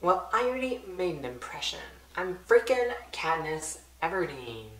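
A man's voice: fairly high pitch, sing-song, normal speed, fairly bright tone, pitched above the performer's own voice. A man voicing a sassy, fame-obsessed teenage heroine with a snarky, self-satisfied manner. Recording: roomy echo.

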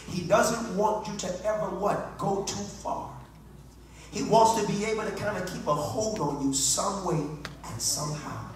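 High-voiced man preaching in an echoey church. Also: distant mic. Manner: builds from low talk to loud fervent preaching; calls on the congregation to respond. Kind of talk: Pentecostal sermon. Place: church sanctuary. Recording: echoey church hall with faint music.

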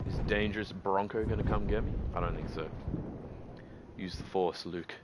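An excitable man, chatting casually and swearing freely while streaming a game. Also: low-pitched, normal speed, very noisy. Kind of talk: casual live-stream commentary. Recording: game gunfire under the voice.

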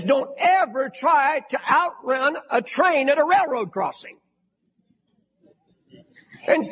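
Give me an emphatic older American male pastor delivering a sermon in a large church with long reverb. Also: very high-pitched. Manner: emphatic preaching, shouts for stress.

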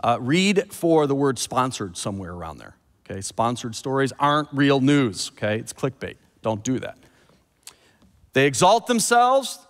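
A man preaching a sermon as pastor, with animated delivery, scripture readings and asides. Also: medium pitch, moderate pace. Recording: long hall reverb.

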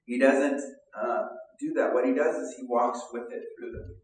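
A man giving an earnest, conversational sermon with pauses and fillers, as a pastor. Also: mid-range voice, flat delivery. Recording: echoey room, mic at a distance.

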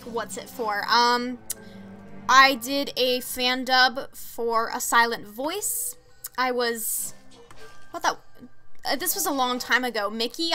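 A woman's voice: a little high, bright, forceful tone. A young woman streaming a game, chatting casually, reading chat messages aloud and laughing often.

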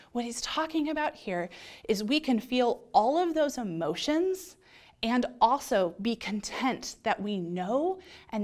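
A woman leading a children's sermon, speaking to kids in a gentle, earnest way. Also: mid-range voice. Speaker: children's ministry leader.

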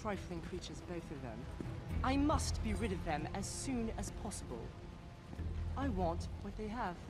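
An actor playing a mocking, condescending male villain in a video game cutscene, speaking over loud music. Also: high voice, very animated, normal speed. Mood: menacing. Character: scheming, silky male villain, sinister and patronizing.

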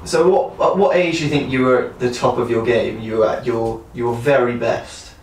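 A man's voice: mid-range voice, normal speed. A man interviewing for a documentary, asking questions and rephrasing them as he goes. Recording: echoey room, voice from far off, faint room noise.

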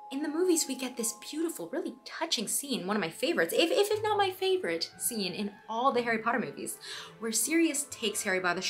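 A young woman hosting a scripted video essay, animated and playful, with quick asides to the viewer. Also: a little high.

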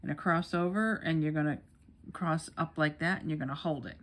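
A woman's voice: deep voice, brisk. A middle-aged woman from New York gives a casual crochet tutorial in a rambling, chatty way, with many fillers and restarts. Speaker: crochet teacher.

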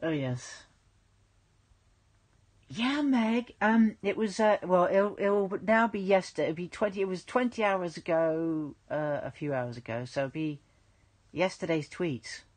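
A woman's voice: fairly low pitch, normal speed, darkish tone. A woman chatting casually with viewers on a livestream, rambling, self-mocking and reading out their comments. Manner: reads out chat comments.

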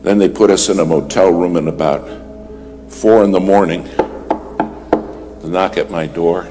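A man with a very low voice preaches at a church service, spinning a story with dramatic force. He climbs to urgent, ringing appeals, then drops to a hush, while soft music plays faintly behind him. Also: fairly even intonation, normal speed. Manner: dramatic, swings from urgent and loud to hushed. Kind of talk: storytelling sermon.

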